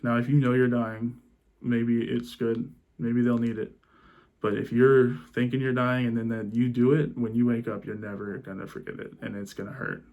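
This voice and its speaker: A young man telling a personal story in a subdued, halting way, restarting his sentences and choking up at moments. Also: mid-range voice, little pitch movement, phone-quality sound. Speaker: vlogger.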